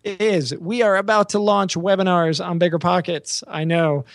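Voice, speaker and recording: A man's voice: high voice, fairly even intonation, moderate pace, no room sound, clean studio sound. A man hosting a podcast in casual, rambling chat full of fillers and repeated words. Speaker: podcast host.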